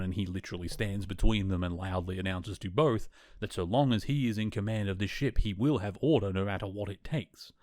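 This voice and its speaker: A man's voice: on the low side, darkish tone, dry recording, studio quality. A man hosting a podcast, chatting casually and enthusiastically as he recaps an episode, often correcting himself as he goes. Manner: chatty, enthusiastic, self-correcting, laughs now and then. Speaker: podcast host.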